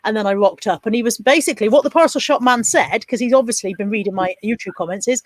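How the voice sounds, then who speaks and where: A woman's voice: a little high, fast talker, few pauses, no echo. Bristolian woman, dry close sound. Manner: laughs often, reads out viewer comments. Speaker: co-host. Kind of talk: casual live-stream chat.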